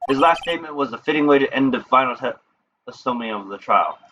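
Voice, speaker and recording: A man voicing an elderly courtroom judge who speaks in formal, measured rulings. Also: medium pitch, lively intonation, background noise, natural voice.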